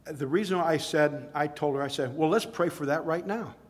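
A man's voice: on the high side, moderate pace. A middle-aged man preaching a sermon in a conversational way, telling stories and rising to emphatic exclamations.

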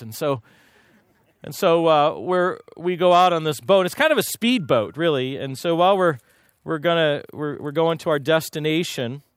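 A man's voice: on the high side, no echo, clean studio sound. A man from Kansas preaching a sermon, telling folksy, humorous stories from his own life. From Kansas, USA. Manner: folksy, humorous, lively anecdotes. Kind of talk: sermon with personal storytelling.

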